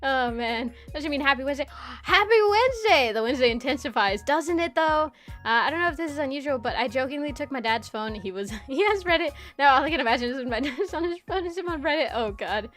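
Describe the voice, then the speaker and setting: A high-pitched young woman chats her way through a casual live stream, giggling and swearing as she talks to her viewers. Faint music plays behind her. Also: quick pace, fairly bright tone. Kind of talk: casual livestream chat.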